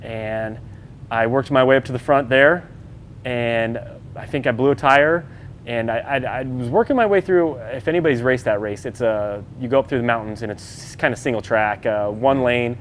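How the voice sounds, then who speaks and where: In an interview, a man who races off-road recounts his story at a normal speed in a mid-range voice. His style is casual and talkative, full of fillers, and he performs the lines he quotes. A faint hiss or hum can be heard.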